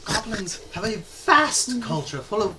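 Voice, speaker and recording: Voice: medium pitch, animated, unhurried, far from the mic, a crowd in the background, voice pushed up, close to an everyday voice. A player voicing a pompous, eccentric academic professor who lectures in a lofty tone. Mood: lecturing.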